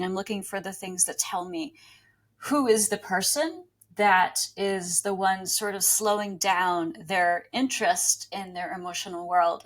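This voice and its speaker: Calm woman explaining her reading practice. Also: medium pitch. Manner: calm, explanatory, laughs easily. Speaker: psychic reader, guest.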